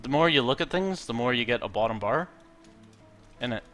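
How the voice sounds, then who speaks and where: Brief: a man streaming a game, medium-pitched, wisecracking and swearing, with loud game music underneath. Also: lively intonation, fairly quick. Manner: joking, swearing, reads on-screen text aloud. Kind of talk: casual game commentary.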